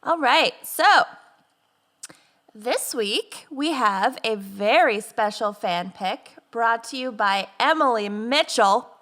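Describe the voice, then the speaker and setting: A woman hosting a podcast in casual chat, relaxed and laughing easily. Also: fairly high pitch, takes it slowly. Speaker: podcast co-host.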